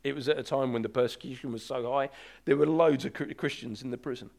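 A man preaching a sermon as pastor, emphatic and urgent, slowing to draw out key words for weight. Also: medium pitch, steady tone, vocal fry, darkish tone.

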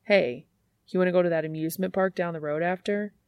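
A woman's voice: on the low side, fast talker, clean tone, no echo, lightly acted. A woman voicing a guarded young man who chokes up, then turns to teasing his brother.

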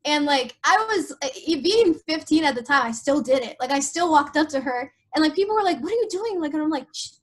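High-voiced young woman, casual storytelling. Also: expressive, brisk, few pauses. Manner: frequent filler "like", trailing restarts; voice drops low and soft in sad moments. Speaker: guest sharing a personal story.

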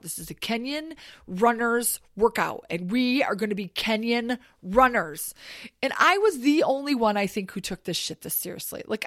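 A woman telling a funny personal story in a casual monologue, swearing freely and acting out the things people yelled. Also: fairly high pitch, no room sound, studio quality. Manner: animated, swears freely, acts out yelled quotes. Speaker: storyteller host.

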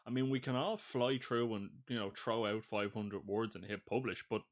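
A man's voice: fairly low pitch, steady tone, normal speed. A man co-hosting a podcast, explaining things in a chatty, easygoing way and laughing easily. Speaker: podcast co-host. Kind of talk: casual podcast chat.

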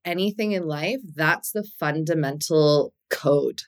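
A woman with a notably deep voice speaks as a voice coach on a podcast. Her tone is affirming and thoughtful. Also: unhurried. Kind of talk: casual podcast conversation.

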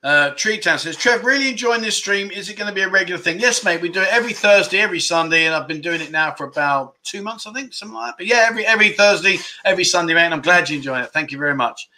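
A man's voice: sits high, racing, few pauses, bright, forceful tone. A middle-aged man hosting a casual livestream, reading out viewer comments with jokes and frequent laughter. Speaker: livestream host.

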